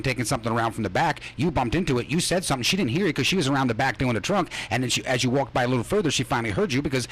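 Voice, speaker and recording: A man's voice: mid-range voice, fairly bright tone, rough recording. A man in a heated casual radio chat, arguing insistently and repeating himself to make his point.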